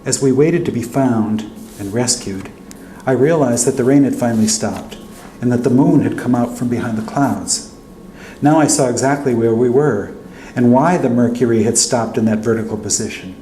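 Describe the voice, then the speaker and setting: A male author narrating his own fiction aloud in a steady first-person voice at a college reading. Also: medium pitch, normal speed. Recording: echoey hall with faint hum.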